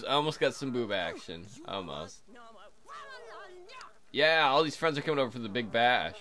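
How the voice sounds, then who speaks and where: A man's voice: medium pitch, expressive, moderate pace, long pauses, bright, forceful tone. A man hosting a casual let's play, joking crudely and chatting to the characters on screen as he plays. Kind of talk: casual game commentary.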